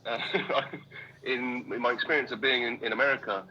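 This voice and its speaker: A man with a British accent chats casually as an interview guest, poking fun at himself and laughing often. His voice is bright and forward, at an ordinary pitch for a man. The sound has a radio-broadcast feel. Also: fairly even intonation, fast, lo-fi sound. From Britain. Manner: self-deprecating, laughs often. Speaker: actor guest.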